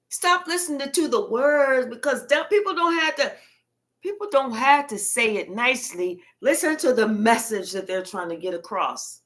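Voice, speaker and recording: A woman's voice: on the high side, big pitch swings, measured pace, fairly bright tone. A woman giving a casual tarot reading in a blunt, colloquial manner with frequent cursing. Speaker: tarot reader.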